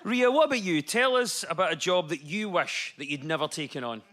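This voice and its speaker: A man hosting a comedy panel show, reading out scripted jokes with a brisk, wry delivery. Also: a little high, expressive, a bit bright. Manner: brisk and wry, with punchlines read dry. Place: TV studio with an audience.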